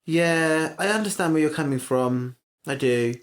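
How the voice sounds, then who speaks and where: A man's voice: a little high, measured pace. A young man co-hosting a podcast, chatting bluntly and swearing freely as he reviews a TV episode. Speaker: podcast co-host. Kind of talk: casual chat reviewing a TV episode.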